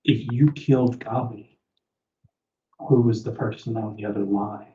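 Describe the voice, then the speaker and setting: A man voicing a scheming male devil who speaks quietly and tauntingly inside a character's mind. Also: fairly low pitch, steady tone, measured pace, lightly acted. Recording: roomy, dull lo-fi audio.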